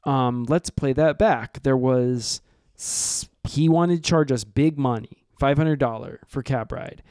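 A man co-hosting a comedy podcast, recapping an episode's plot in an animated way and slipping into silly voices. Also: mid-range voice, takes it slowly, smooth, no echo, studio quality. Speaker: podcast co-host.

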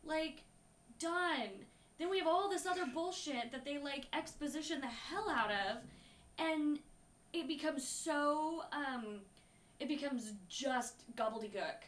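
A woman's voice: high-pitched, measured pace. Chatty woman, echoey and off-mic. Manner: animated, rambling, swears, many "like" fillers. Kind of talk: casual chat reviewing a movie. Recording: echoey room, a bit far from mic.

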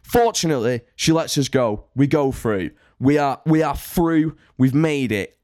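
A man's voice: mid-range voice, a little slow, no echo, studio quality. Sweary guy spinning a yarn. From United Kingdom. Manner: animated, sweary, rambling. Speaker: touring band musician telling a story. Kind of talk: casual podcast storytelling.

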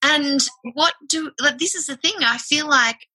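A woman, co-hosting a podcast in casual, rambling chat full of halting restarts. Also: sits high, pushed and bright, rough recording.

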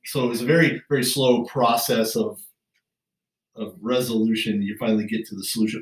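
A man's voice: medium pitch, fairly even intonation, fairly quick. A man guesting on a casual podcast, telling a story in a dry, wry way. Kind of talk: casual chat. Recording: roomy, distant amateur podcast mic.

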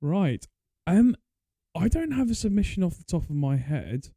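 A man's voice: sits high, very animated, normal speed, dark tone, dry recording. A young man, co-hosting a podcast with dry, teasing asides. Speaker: podcast co-host. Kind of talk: casual chat.

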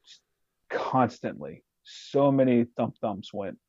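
A man tells a war story in a casual podcast chat, swearing freely and acting out the voices of his squad. His tone is warm and mellow. The recording is dry and dull, like a lo-fi home setup. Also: mid-range voice, takes it slowly, dry recording. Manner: profane, animated war storytelling. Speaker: podcast guest, retired soldier.

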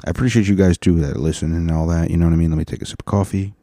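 A man hosting a casual solo podcast, tired and rambling, profane, sometimes breaking into loud rants, speaking into a mic on a stand. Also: sits low, fairly even intonation, very fast, dry recording. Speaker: podcast host. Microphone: studio mic on a stand.

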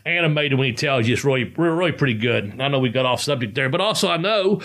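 A man's voice: mid-range voice, animated, fast, a bit bright. A man hosting a casual podcast, talking loosely and rambling with plenty of swearing. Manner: rambling, profane, loose storytelling. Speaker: podcast host.

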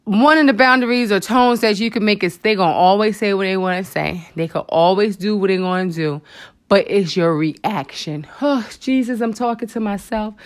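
A woman's voice: medium pitch, moderate pace. A woman hosting a Christian motivational talk, speaking emotionally and conversationally to her listeners, with asides and exclamations to the Lord. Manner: expressive, emotional, animated preaching with frequent asides; conversational, addresses listeners as girl and honey. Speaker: host of a faith talk show.

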